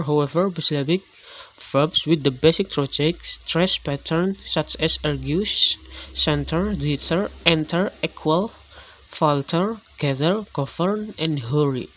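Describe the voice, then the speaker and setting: Halting man reading a stress lesson. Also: on the high side, fairly bright tone. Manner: halting, with frequent restarts on words. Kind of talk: reading a lecture on English word stress. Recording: dull lo-fi recording.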